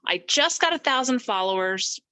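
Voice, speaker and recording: A middle-aged woman telling her personal story as an interview guest, animated and acting out the voices of people she quotes. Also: on the high side, normal speed, smooth, rough recording. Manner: animated, acts out quoted speech.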